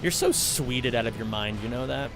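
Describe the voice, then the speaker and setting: A man's voice: medium pitch, lively intonation, moderate pace. A young American man streaming, chatting casually and rambling with lots of fillers and swearing. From United States. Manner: rambling, swears freely, heavy use of filler "like". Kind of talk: casual chat during a game livestream. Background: background music.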